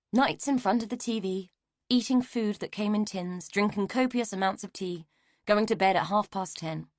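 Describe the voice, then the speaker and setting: A woman narrating a mystery audiobook in a measured, even storytelling manner. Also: medium pitch, no echo, studio quality. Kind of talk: scripted narration.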